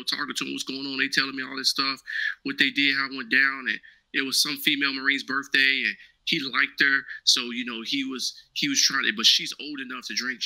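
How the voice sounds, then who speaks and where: A man's voice: medium pitch, bright, forceful tone, low-quality recording. A man, a former Marine, telling a casual story as an interview guest. He talks animatedly, acts out the dialogue and keeps checking in with "right?".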